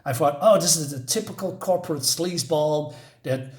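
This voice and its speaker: A man's voice: on the high side, moderate pace. A man casually walking through a comic book issue, rambling with frequent fillers and restarts.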